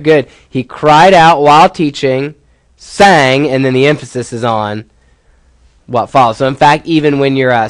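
A man's voice: mid-range voice, no room sound. A male professor giving a classroom lecture, explaining step by step and putting questions to his students.

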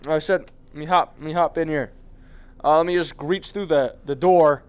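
Brief: young guy, playful trash-talking game commentary, a bit high. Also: normal speed, clear, resonant tone. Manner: joking, trash-talking, excitable. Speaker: gaming youtuber. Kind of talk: casual gaming commentary.

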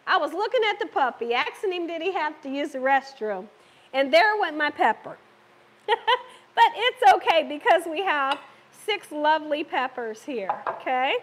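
This cooking show host has a high, fairly bright voice and a Southern United States background. Streaming live from her home kitchen while getting over an illness, she's chatty, talking to viewers, reading comments, and laughing a lot.

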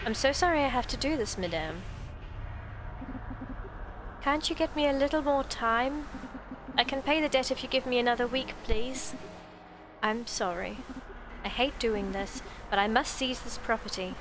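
A woman voicing an apologetic young male debt collector, reading his lines low and subdued. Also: normal speed, long pauses, background noise, close to an everyday voice.

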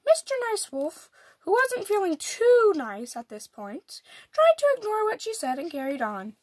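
A woman reading a children's picture book aloud, narrating in an animated, expressive way. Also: very high voice, a little slow, dry recording. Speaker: storyteller.

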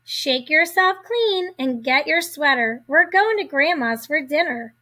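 A kind mother speaks to her young daughter, as a woman reads her part aloud. She sounds warm and affectionate, with a high, unhurried voice, in a children's picture book reading. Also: lively intonation, full character voice.

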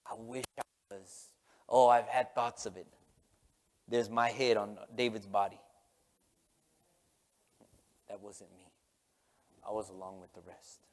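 A man preaching as pastor, impassioned and emotional, with a Texan accent, his voice dropping to a hush and then rising. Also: on the low side, fairly even intonation, moderate pace, pauses often. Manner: impassioned, swinging from hushed to loud. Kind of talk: emotional sermon. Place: large church sanctuary. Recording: long hall reverb.

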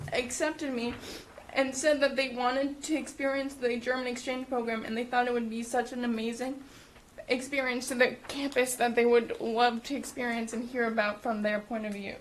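A teenage girl stands up at a school board meeting and speaks with feeling, nervous and close to tears. Her voice sits high. A faint hum of the room runs underneath. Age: teens. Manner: emotional and nervous, apologizing, laughing through tears. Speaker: student speaker at public comment. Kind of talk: public comment at a school meeting.

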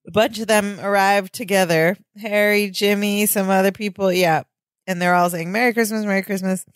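A woman's voice: medium pitch, fairly even intonation, normal speed, dry recording, clean studio sound. Chatty woman retelling a sitcom episode. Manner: chatty, lots of "like" and "yeah", restarts while retelling. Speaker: podcast co-host. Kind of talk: casual chat recapping a sitcom.

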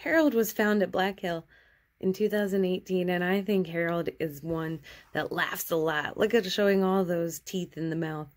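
A woman artist cheerfully and gently chatting through her sketches in a casual show-and-tell. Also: on the low side, steady tone, normal speed.

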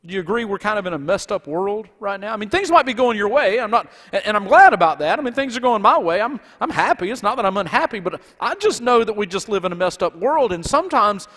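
A man's voice: sits high, sing-song, fast talker, few pauses, fairly bright tone, long reverb tail. A man with a Southern accent preaching a folksy, conversational sermon as pastor in a church. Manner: folksy and conversational, with many restarts. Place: church sanctuary.

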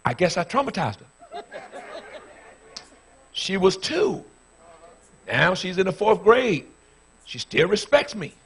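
A man's voice: high voice, sing-song, takes it slowly, gravelly, long pauses, husky. Fervent preacher man in his fifties. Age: 50s. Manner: storytelling with bursts of shouting, then fervent prayer. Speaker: pastor. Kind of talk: sermon.

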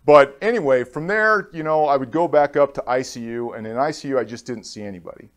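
A man speaks into a stage microphone at a conference, telling a personal story in an unpolished, heartfelt way. He restarts his sentences and acts out what other people said. His voice sits at an ordinary middle pitch for a man. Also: brisk. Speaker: keynote speaker.

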